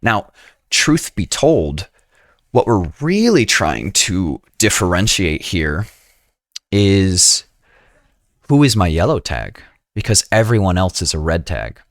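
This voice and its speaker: A man's voice: deep voice, big pitch swings, slow pace, no echo, studio quality. A man giving a recorded lecture as an EMS instructor, talking in a conversational way with frequent "right?" asides and self-corrections.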